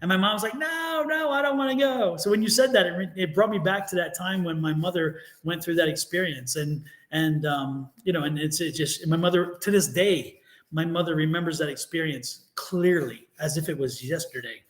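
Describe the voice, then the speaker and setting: A man co-hosting a tarot reading stream, telling stories in a lively, animated way and laughing often. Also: a little high, a little fast, reverberant. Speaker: tarot reader co-host. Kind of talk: casual live-stream chat.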